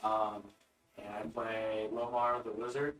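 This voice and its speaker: A man player introduces himself in an offhand, joking way, with a bright, forward tone. He sounds set back from the mic in a roomy space. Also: lowish voice, level tone, unhurried, distant mic. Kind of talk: casual chat.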